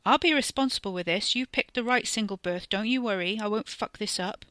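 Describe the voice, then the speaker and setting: A man's voice: sits high, moderate pace, pushed and bright, dry recording. A woman voicing a cocky, foul-mouthed male cultist who swears constantly. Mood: cocky, defiant. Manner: crude, boastful, swears constantly.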